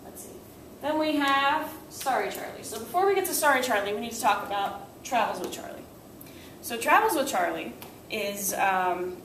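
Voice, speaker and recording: Recorded far from the mic in an echoing room with a faint hiss or hum, a young woman teaches a language class in a mid-range voice. She lays out methods step by step and keeps checking understanding with "right?"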